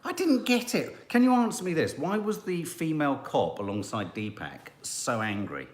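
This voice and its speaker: A man's voice: a little high, very animated, moderate pace, echoey room. A middle-aged man co-hosting a casual live chat about a TV drama, wry and laughing as he reads out his notes. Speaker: co-host of a live review show.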